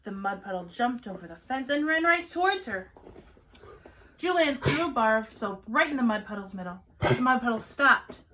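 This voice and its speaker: A woman, a children's caregiver, reading a picture book aloud to children in an animated, sing-song storytelling manner. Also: a little high, moderate pace, slight background noise, rough recording.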